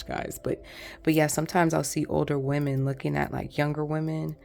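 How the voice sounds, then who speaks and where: A woman's voice: low voice, little pitch movement, moderate pace, vocal fry, warm tone, faint music behind. A woman giving a casual pick-a-card tarot reading, talking in a rambling, chatty way straight to her viewers. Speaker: tarot reader.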